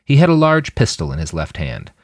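A male audiobook narrator with a somewhat low voice, telling a violent thriller in expressive, dramatic narration. His pitch rises and falls widely, and the recording is close and dry. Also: fairly quick, no room sound. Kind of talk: scripted narration.

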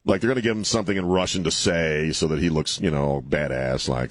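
A man's voice: a bass voice, fast, hardly any pauses. A man hosting a talk radio show, rambling and sarcastic, laughing at his own jokes. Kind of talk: casual talk radio banter.

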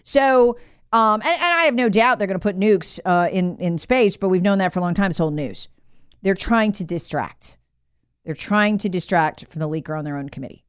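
A woman's voice: mid-range voice, normal speed, clear, resonant tone, no echo, studio quality. A woman hosting a political commentary show, talking in a sarcastic, opinionated way. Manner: sarcastic, mocks figures in put-on voices.

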